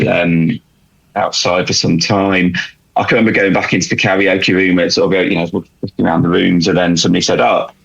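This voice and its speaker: A podcast guest with a low, gravelly yet fairly bright voice tells his story in a rambling way, full of restarts and fillers. He chuckles as he recounts it in this candid chat. The sound is lo-fi.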